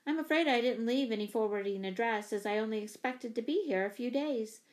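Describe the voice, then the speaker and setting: A woman voicing a brisk, practical mother who fusses and takes charge in a storybook reading. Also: a little high, a little mellow, close to an everyday voice. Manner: brisk and fussing.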